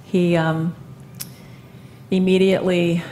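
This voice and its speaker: Older lady talking onstage, lowish voice, stops and restarts a lot, faint noise behind. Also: level tone. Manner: earnest, halting, many fillers and restarts. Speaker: guest speaker. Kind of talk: live onstage testimony. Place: live event stage before an audience.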